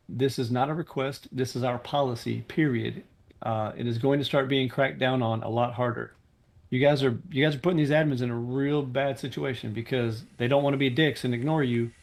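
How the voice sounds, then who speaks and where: Leading a staff meeting for his online game server, this man talks casually into a voice chat mic, firm and blunt, cursing when irritated. His voice is mid-range and gravelly.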